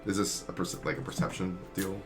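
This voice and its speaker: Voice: low-pitched, fairly even intonation, fairly quick, loud music behind the voice. A player in a tabletop game, describing actions hesitantly and thinking aloud.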